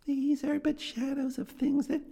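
A gentle storybook ghost speaks in a high, wavering falsetto. It glides through each word slowly, with a mellow tone. A long hall echo hangs behind it. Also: male voice, completely flat delivery, creaky, full character voice. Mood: solemn. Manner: slow, high, drawn-out falsetto. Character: gentle, mild otherworldly ghost of the past.

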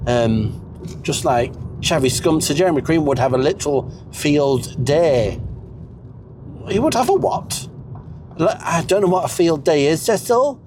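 A man in a comedic character chat, rambling in a deadpan way with snobbish asides. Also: a little high, normal speed, noisy background.

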